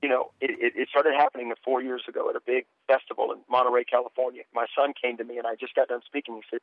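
A middle-aged preacher man tells stories in an interview, earnest and animated as he replays what others said. His voice comes through thin and tinny, as if over a phone line. The sound is dry and close. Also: mid-range voice, fast talker, dry recording. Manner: earnest storytelling, animated retelling of dialogue. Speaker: preacher guest. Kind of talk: testimony-sharing interview.

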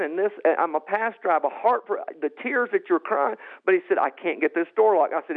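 A man telling his personal testimony with excitement, often restarting and repeating himself and jumping high and loud as he relives what happened. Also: fast, vocal fry. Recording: tinny phone-like sound.

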